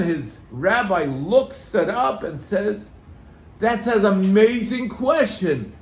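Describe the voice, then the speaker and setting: Rabbi, man, lively storyteller with a high voice, echoey room. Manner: animated, acts out quoted voices. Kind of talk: storytelling to a congregation.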